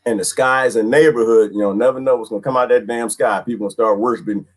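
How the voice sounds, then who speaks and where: A man's voice: quick pace, hardly any pauses. A man ranting casually on a livestream, rambling in folksy slang, repeating himself and reading chat comments aloud. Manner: rambling and animated, swooping pitch, frequent laughs.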